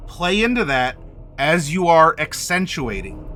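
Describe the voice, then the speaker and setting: Animated man teaching game mastering. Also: a little high, unhurried, a little hiss or hum. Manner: animated, addresses the viewer directly. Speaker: game master workshop host. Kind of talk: instructional talk to camera.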